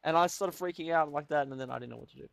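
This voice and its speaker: Young male co-host, a bit high voice, dry close sound, animated storyteller who swears a lot. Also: racing, creaky, no echo. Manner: animated, swears often, acts out quotes. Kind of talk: casual storytelling chat. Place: home room.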